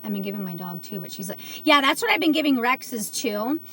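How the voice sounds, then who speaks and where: A woman with a slightly high voice chats casually with viewers on a livestream. She speaks earnestly, with plenty of ums and likes. A faint hiss of noise sits behind her. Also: expressive, brisk, bright, forceful tone. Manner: earnest, chatty, many fillers. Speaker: livestream host selling CBD.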